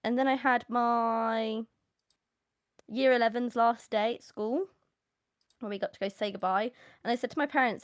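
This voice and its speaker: A young woman, a teacher, telling animated stories on a live stream and laughing often. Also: on the high side, normal speed, long pauses, clear, resonant tone, no echo, studio quality. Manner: animated storyteller, laughs often, acts out quotes. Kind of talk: casual chat on a live stream.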